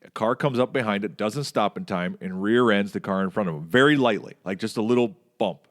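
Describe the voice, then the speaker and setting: A middle-aged man hosting a casual podcast chat, telling stories with lively mimicry of people yelling. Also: brisk. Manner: animated storyteller, mimics yelling in a much higher voice.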